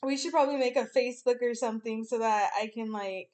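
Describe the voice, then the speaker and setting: A woman's voice: a little high, fast. A woman co-hosting a podcast, chatting casually and often laughing, jumping from topic to topic. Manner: giggly, animated, jumps between topics. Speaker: podcast co-host. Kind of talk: casual chat.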